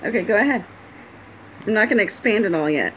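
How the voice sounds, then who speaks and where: A woman's voice: mid-range voice, animated, fast talker, slight background noise. A woman talking casually at home, explaining step by step how she handles her pet bird, laughing often. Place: at home indoors.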